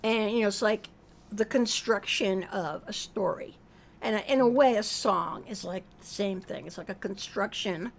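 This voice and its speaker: A middle-aged woman co-hosting a casual music chat, talking in a thoughtful, musing way. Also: mid-range voice. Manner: musing, thoughtful, lively when excited. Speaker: co-host, mother. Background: song playing faintly.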